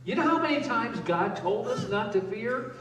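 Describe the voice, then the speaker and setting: A man's voice: very high voice, lively intonation, normal speed, fairly bright tone, a little hiss or hum. A male pastor giving a conversational sermon, asking the congregation questions and joking with them. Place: church hall with a live congregation. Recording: echoey hall, voice from a distance.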